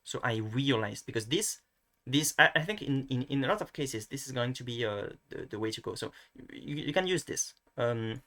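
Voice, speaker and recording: A man's voice: medium pitch, lively intonation, normal speed, bright, forceful tone. Hesitant French-accented man teaching pronunciation. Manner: hesitant, many restarts and fillers, thinking aloud. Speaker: language tutor. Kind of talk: casual screen-recorded lesson.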